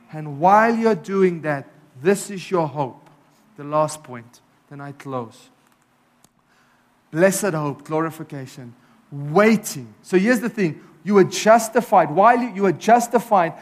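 Impassioned high-voiced male preacher. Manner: impassioned, emphatic repetition, rising to near-shouts then dropping soft. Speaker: pastor. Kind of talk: sermon with closing prayer. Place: church service.

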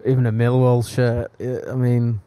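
Blunt, swearing man with a dark voice. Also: medium pitch, completely flat delivery, moderate pace, smooth, dry recording. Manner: blunt, profane banter. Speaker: podcast co-host. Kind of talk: casual chat.

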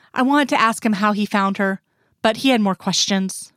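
Woman narrator, measured storytelling, mid pitch, dry close mic. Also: fairly even intonation, a bit bright, clean tone, no echo. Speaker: reader.

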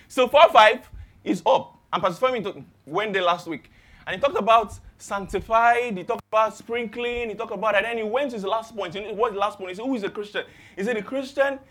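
A man's voice: high-pitched, a little fast, a bit bright. A young Nigerian man with a Nigerian accent preaching a sermon, asking his congregation rhetorical questions.

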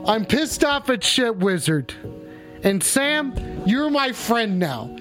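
A man with a high voice hosts a comedic livestream, swearing freely and working himself into mock outrage at his viewers. His rants are loud, theatrical and profane. A little music plays faintly beneath him. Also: very animated, slow pace. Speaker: livestream show host.

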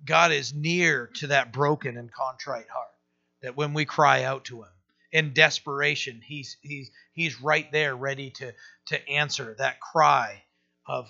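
Bright-voiced pastor teaching a sermon. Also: male voice, mid-range voice, fairly even intonation, unhurried, vocal fry, muffled recording. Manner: conversational, with rhetorical asides and frequent restarts.

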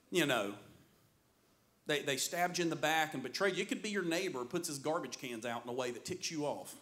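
A middle-aged man preaching a sermon as pastor, in an animated, joking storytelling manner. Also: fairly high pitch, fairly quick.

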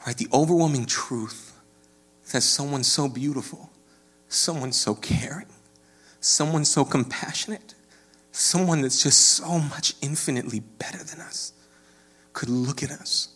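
A male pastor delivers a sermon in a relaxed, conversational way, often checking in with his listeners. His voice sits at an ordinary middle pitch for a man. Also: breathy edge. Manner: conversational, rising to animated storytelling with frequent "right?".

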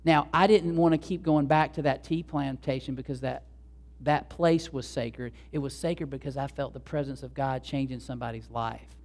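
A man preaching a sermon, conversational and animated, talking straight to the congregation. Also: mid-range voice, normal speed. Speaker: pastor.

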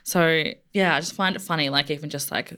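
A woman's voice: sits low, brisk, pushed and bright. A young woman, talking casually as a podcast guest, with many fillers and frequent laughs. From Australia. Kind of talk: casual chat.

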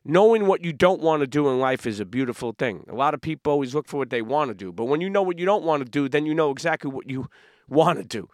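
A man's voice: on the high side, expressive, fast talker, a little mellow, dry recording, clean studio sound. A man hosting his own podcast, giving earnest motivational talk on parenting and repeating catchphrases with many "okay"s and "right"s. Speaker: podcast host.

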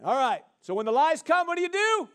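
A middle-aged man preaching a sermon, animated, calling out questions to the congregation and answering himself with shouts and laughter. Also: extremely high pitch, brisk.

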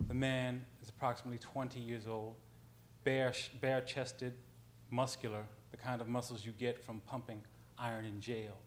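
A man's voice: mid-range voice, flat delivery, normal speed, slight background noise. A man on a panel, a writer, telling an anecdote in a conversational way, with frequent ums and self-corrections.

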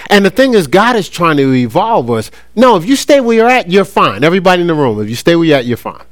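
A middle-aged pastor with a drawl preaches in an animated, conversational way, his pitch leaping up and down as he acts out playful little voices. His voice sits a touch higher than most men's. The sound is dry and close. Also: fast, no echo. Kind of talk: sermon.

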